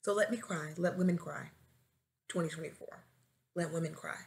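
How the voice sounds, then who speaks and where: This podcast host is a woman in her twenties and a new teacher, talking casually on her solo show. Her gravelly voice sits fairly low, with fairly even intonation at a normal speed, though she breaks into dramatic comic wails and shouts.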